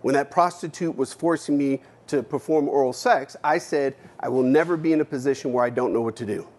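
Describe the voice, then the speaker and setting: Male keynote speaker, mid-range voice, blunt and candid, dynamic storytelling with loud and hushed turns. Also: mid-range voice, brisk. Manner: blunt, candid, swears freely, shifts between loud and hushed. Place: lecture hall.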